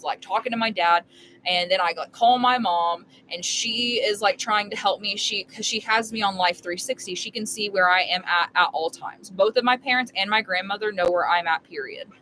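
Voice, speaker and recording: A young full-time RV live streamer talks while cooking dinner inside her RV, spinning an emphatic, meandering story full of fillers. Her middle-pitched, slightly bright voice moves at a moderate pace on a rough recording with a faint background hum.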